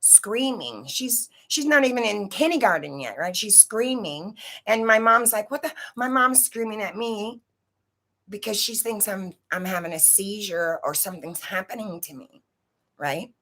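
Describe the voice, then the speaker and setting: A woman's voice: medium pitch, expressive, a little slow, fairly bright tone. A woman telling a personal story in a casual, rambling way, swearing freely and often checking in with her listeners. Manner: profane, rambling, keeps asking "right?".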